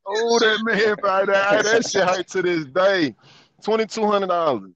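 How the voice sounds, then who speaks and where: A man telling a story in casual chat, animated and repeating his phrases, laughing as he goes. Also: high voice, a little slow, no room sound. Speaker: guest. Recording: dull lo-fi sound, dry.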